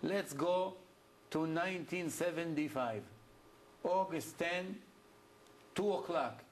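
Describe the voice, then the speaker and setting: A man's voice: on the high side, unhurried, creaky, a little hiss or hum. A man lecturing as a rabbi, telling stories in a plainspoken way. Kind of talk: lecture to an audience.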